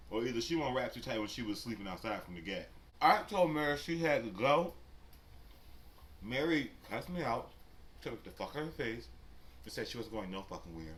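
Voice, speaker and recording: A man vlogger telling a story casually while he eats, animated and profane, and talking straight to his viewers. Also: medium pitch, a little hiss or hum. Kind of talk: casual storytelling during a mukbang.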